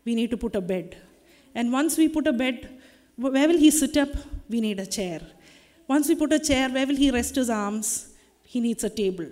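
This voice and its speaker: A woman's voice: a little high, mellow, long reverb tail. A woman giving a sermon in a conversational way, often checking with the listeners through tag questions. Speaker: preacher.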